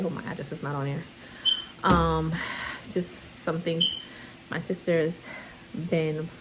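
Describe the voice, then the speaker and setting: A woman's voice: lowish voice, a little mellow, slight background noise, rough recording. A mother vlogging in a casual, rambling way from her home kitchen while cooking, chatting to viewers as y'all. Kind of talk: casual vlog chat.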